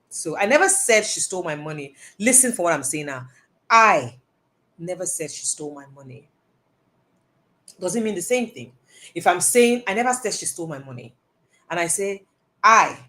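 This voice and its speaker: A woman giving a casual online lesson on communication, chatty and animated, stressing words and breaking into asides. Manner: animated, lots of stressed words and rising pitch; chatty with self-asides and laughs. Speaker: communication coach.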